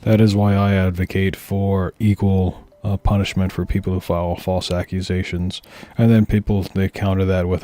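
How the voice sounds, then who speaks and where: A man's voice: low voice, little pitch movement, moderate pace, mellow, no echo. A man giving blunt, opinionated commentary on a stream and swearing freely. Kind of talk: casual commentary over footage.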